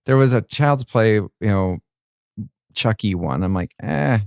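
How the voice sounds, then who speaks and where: Casual podcast host, male schoolteacher, low voice, dry mic, animated storyteller. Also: unhurried, clear, resonant tone, no room sound. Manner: storytelling, acting out kids' lines.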